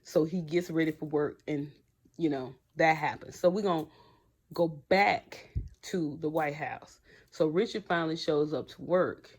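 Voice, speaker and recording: A woman with a slightly low voice recaps a TV episode in loose, casual chat. She is blunt and slangy and speaks straight to her viewers. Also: unhurried, breathy edge. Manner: blunt, slangy and animated, talks to viewers directly. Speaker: TV episode reviewer.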